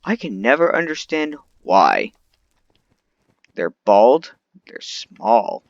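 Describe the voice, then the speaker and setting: A man's voice: mid-range voice, wildly swooping pitch, takes it slowly, vocal fry, no room sound, muffled recording. A man delivering an unscripted, rambling rant full of complaints, often restarting his sentences. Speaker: vlogger.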